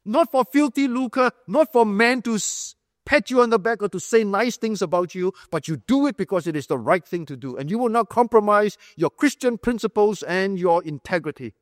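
High-voiced emphatic male preacher. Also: animated, normal speed, dry recording, clean studio sound, long reverb tail. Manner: emphatic, repeating key phrases; explains like a teacher, asks the room questions. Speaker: pastor. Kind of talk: sermon.

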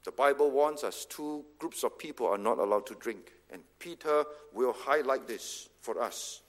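A man's voice: medium pitch, animated, moderate pace. A man preaching a sermon as pastor, driving points home with short repeated commands. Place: church hall. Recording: reverberant hall.

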